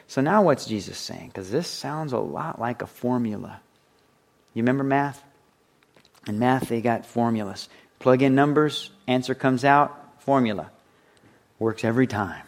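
A man's voice: medium pitch, measured pace, creaky. A man preaching a sermon in a chatty, conversational way, asking rhetorical questions and swinging his voice up and down for effect. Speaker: pastor.

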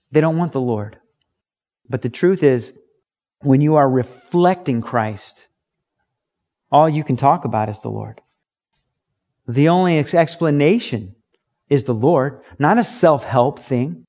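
Earnest male preacher, mid-pitched voice, emphatic Bible-study sermon delivery. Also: animated, measured pace, long pauses, a little mellow. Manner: earnest, emphatic, rhetorical questions and acted quotes.

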